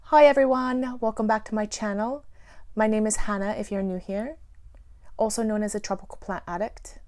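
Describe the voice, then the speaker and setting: A woman putting on a female plant YouTuber, giving a bright channel intro. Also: mid-range voice, steady tone, moderate pace, close to an everyday voice. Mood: cheery. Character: cheery British woman plant YouTuber greeting viewers.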